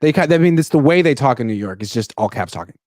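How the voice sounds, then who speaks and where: A man's voice: medium pitch, animated, fast, darkish tone, dry recording, studio quality. Blunt, wry man from California. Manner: blunt, wry, emphatic opinions. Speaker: sports podcast co-host. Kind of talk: casual sports talk livestream.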